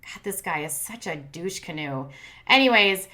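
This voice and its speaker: A woman's voice: lowish voice, animated, moderate pace, bright, forceful tone. A woman in her thirties hosting a casual reality TV recap, sassy and blunt, mocking the cast in put-on voices. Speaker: commentary channel host.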